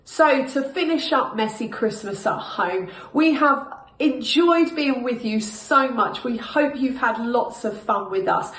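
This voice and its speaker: A woman with a high voice wraps up a children's session with upbeat announcements, talking straight to the kids. The sound bounces around an echoey room. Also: animated, unhurried. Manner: bright, upbeat, addressing kids directly. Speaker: children's ministry host. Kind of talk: cheerful closing announcements to children.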